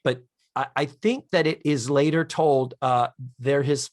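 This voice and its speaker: A man co-hosting a podcast, retelling a sitcom episode with animated storytelling, acting out its lines and swearing for comic effect. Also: mid-range voice, measured pace, no room sound, studio quality. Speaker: podcast co-host. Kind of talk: casual recap chat.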